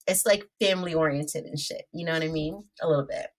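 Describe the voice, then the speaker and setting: A woman's voice: low voice, fast. A middle-aged woman with a Mid-Atlantic US accent, hosting her own vlog and telling stories to the camera in a chatty way, laughing and talking straight to her viewers. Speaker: vlog host. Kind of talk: casual storytelling to camera.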